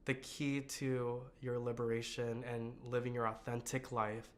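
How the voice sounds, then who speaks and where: A man from the United States telling his own coming-out story in a reflective, earnest way, pausing on fillers and restarts. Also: medium pitch, little pitch movement, slight background noise. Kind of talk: personal storytelling.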